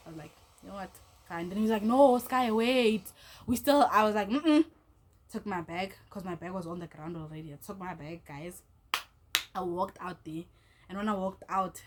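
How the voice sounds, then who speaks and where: Animated woman telling a story. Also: mid-range voice, a little hiss or hum. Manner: animated storyteller, acting out each person's lines; casual, swears freely. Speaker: vlogger. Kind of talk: storytime vlog.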